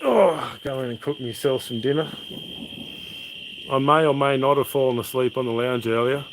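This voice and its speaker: With crickets and insects chirping in the night air, a middle-aged Australian man streams live and rambles casually to his viewers, a relaxed, matey storyteller. He speaks in a mid-range voice at a moderate pace. The recording is low quality with slight background noise.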